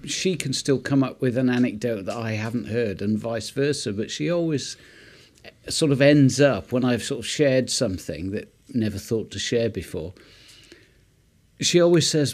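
A man co-hosting a podcast, talking casually and mocking himself as he tells a story. His voice sits at an ordinary middle pitch for a man. He gets livelier as the tale builds. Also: moderate pace. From Wales. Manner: self-mocking, animated when telling a story. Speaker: podcast co-host.

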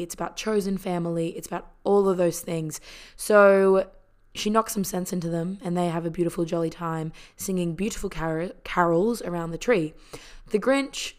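A woman's voice: fairly low pitch, a little mellow, clean tone. A woman casually retelling a movie in a chatty, heartfelt way, full of fillers and the odd swear word. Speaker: vlogger.

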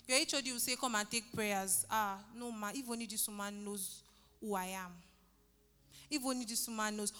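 A woman's voice: a little high, sharp tone, in a large hall. A woman, preaching a sermon and leading an altar call, pleading fervently and repeating her phrases. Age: 30s.

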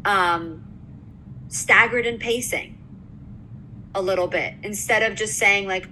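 A woman's voice: mid-range voice, takes it slowly, long pauses, bright, forceful tone, a little hiss or hum. A woman podcast co-host on a video call, talking through her opinions in a casual chat, thinking aloud with filler words and checking in with "right?". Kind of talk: casual chat, film review.

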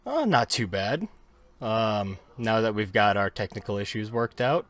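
A man co-hosting a casual podcast, speaking in a laid-back, low-key way. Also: animated, unhurried, a bit bright. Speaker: podcast co-host.

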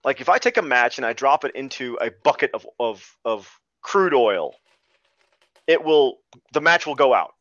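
A man's voice: medium pitch, expressive, moderate pace, a bit bright, dry recording, muffled recording. A man co-hosting a casual movie podcast, rambling and laughing as he retells scenes. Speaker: podcast co-host. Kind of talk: casual movie review chat.

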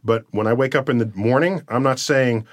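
A man's voice: mid-range voice, fairly quick, no echo, studio quality. A man, a guest scientist, chatting casually in an interview and telling stories with lots of animation and laughter. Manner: animated, storytelling, laughs often. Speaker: guest astrophysicist.

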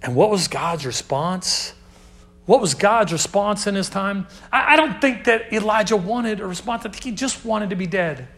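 A young man with a high voice preaches to a youth group. He talks casually and calls the listeners dude. He pushes some lines loud and drops others to a near hush. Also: lively intonation, moderate pace, vocal fry. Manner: swings between loud emphasis and hushed, dropped asides. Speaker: youth pastor. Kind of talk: sermon.

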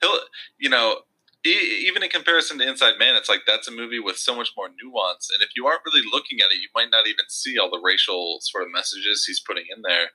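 Bright-voiced, low-pitched man. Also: fast, poor audio. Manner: chatty, hedging, lots of fillers like "you know". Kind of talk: casual film review chat.

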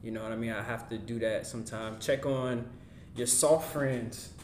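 A man's voice: mid-range voice, fairly even intonation, normal speed, darkish tone, roomy sound, a little hiss or hum. A man hosting a podcast, closing the episode with heartfelt, plain-spoken words. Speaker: podcast host. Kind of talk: casual chat.

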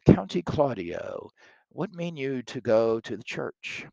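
A man's voice: medium pitch, lively intonation, takes it slowly, creaky, darkish tone, dry recording, pitched above the performer's own voice, rough recording. A man reading aloud the part of a genial nobleman prince who plays matchmaker, declaiming his lines.

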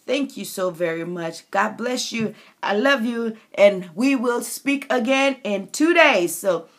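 A woman's voice: fairly high pitch, expressive, takes it slowly, a bit bright. A middle-aged woman from the Caribbean, an author giving a faith-based motivational talk, preachy and calling listeners honey and baby. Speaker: author and inspirational speaker.

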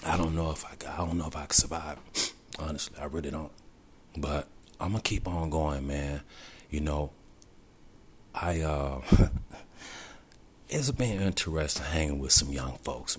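A vlogger speaks reflectively in a personal video diary, emotional and fighting back tears, often dropping to a whisper and leaning on the word "man." His voice is extremely low, with slight background noise.

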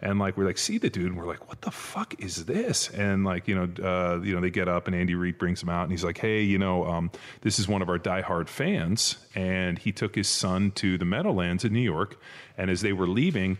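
A man's voice: low-pitched, steady tone, a little fast, long reverb tail. A man and former pro football player telling rambling, profane stories in a casual chat, full of fillers. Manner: rambling storyteller, swears, many fillers.

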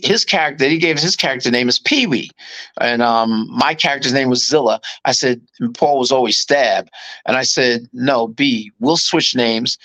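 A man as an interview guest, telling casual anecdotes in an animated way and acting out quotes in voices. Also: medium pitch, rough recording.

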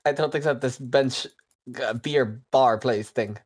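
A player in a tabletop role-playing game who chats quickly and giggles often. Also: medium pitch, darkish tone. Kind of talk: casual tabletop game chat.

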